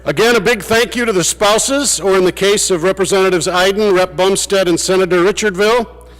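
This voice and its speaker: Brisk and high-pitched, with a fairly bright tone, a state legislator gives his farewell speech, drawing on anecdotes and dry humor for his fellow legislators. The large legislative chamber gives the audio a long reverb.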